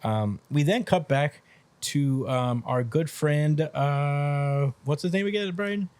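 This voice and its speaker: A man's voice: a little high, slow, a little mellow, no echo. A man co-hosting a podcast, casually recapping a manga chapter in a rambling, filler-heavy way. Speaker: podcast co-host.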